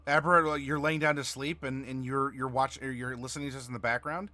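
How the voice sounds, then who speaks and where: Acting as game master, a man hosts a livestream, chatting casually and reading viewer messages out loud. His medium-pitched voice is flat in delivery, fairly quick, and sharp in tone.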